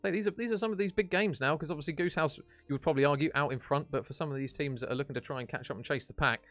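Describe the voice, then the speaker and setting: Fast, chatty British esports caster. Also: male voice, a little high, a bit bright, soft background music. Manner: chatty, matey, upbeat. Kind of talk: esports stream sign-off commentary.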